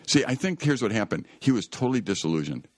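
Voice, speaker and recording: A man's voice: lowish voice, sing-song, quick pace, a little mellow, no echo. A man hosting a Christian radio talk show, telling a Bible story in an earnest, emphatic way that often rises to exclaim.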